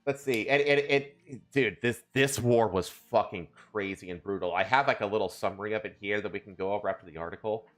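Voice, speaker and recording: A man hosting a podcast, reading news aloud in casual chat, crude and joking and quick to laugh. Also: fairly low pitch, a bit bright, faint music behind. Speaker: podcast host.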